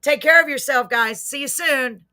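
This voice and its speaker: Bright-voiced woman hosting a live chat show. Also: high voice, normal speed. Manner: chatty, self-mocking, warm toward viewers. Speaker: host of a live online show. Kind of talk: casual livestream chat to viewers.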